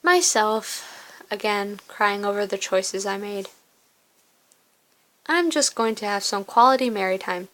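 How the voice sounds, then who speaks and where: A woman's voice: medium pitch, steady tone, unhurried, pauses often, a bit bright, poor audio. A young woman who reads through a story game and chats about her choices, casual and self-mocking. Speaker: game player. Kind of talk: casual commentary while reading a story game.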